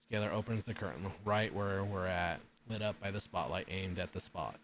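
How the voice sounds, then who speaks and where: Low-voiced man reading a game story aloud. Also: normal speed, hardly any pauses, fairly bright tone, slight background noise. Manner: reads story text aloud with blunt sworn reactions. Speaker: streamer reading a visual novel aloud. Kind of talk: playthrough narration, reading game text.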